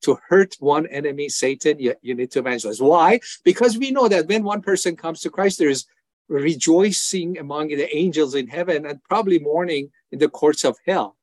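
An older Iranian man, an evangelist appearing as an interview guest, gives an earnest personal testimony and acts out his prayers as dialogue. His voice is a little high and slightly mellow, at a moderate pace, with no room sound.

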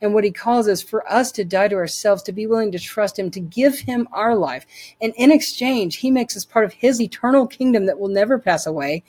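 A woman's voice: mid-range voice, brisk, a little mellow. A woman as an interview guest, telling her personal faith testimony in an earnest, emphatic way, repeating phrases for weight.

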